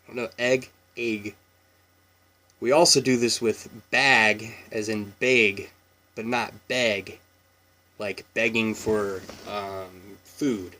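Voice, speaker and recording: A young man from Washington State with a Pacific Northwest American accent, chatting casually in a relaxed, meandering way for an accent tag video. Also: on the low side, slow. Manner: relaxed, meandering, with laughs and many fillers. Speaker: vlogger.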